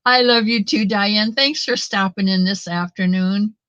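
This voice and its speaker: A woman's voice: mid-range voice, unhurried, no echo, muffled recording. A middle-aged woman hosting a live knitting stream, chatting casually and earnestly with viewers in a motherly way. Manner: warm, motherly, talks straight to viewers; earnest and faith-filled.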